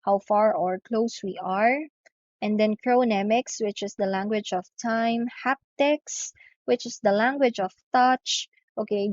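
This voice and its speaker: Female teacher, lecture delivery, steady step-by-step explaining, dull dry recording. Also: medium pitch, no echo. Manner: explains step by step, often says okay. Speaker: English teacher. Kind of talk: online lecture.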